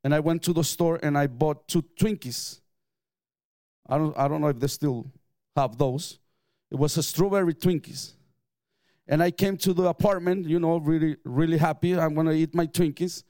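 A man's voice: fairly high pitch, steady tone, normal speed, mellow, no echo. A middle-aged man, preaching a sermon in an emphatic way and mixing in personal stories with light chuckles. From Mexico. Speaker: pastor.

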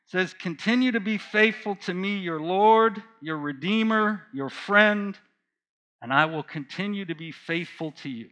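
Earnest, high-voiced preacher, slow delivery. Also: male voice, bright, forceful tone. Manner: earnest, emotional testimony, repeats phrases for emphasis. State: choked up while reading. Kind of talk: sermon.

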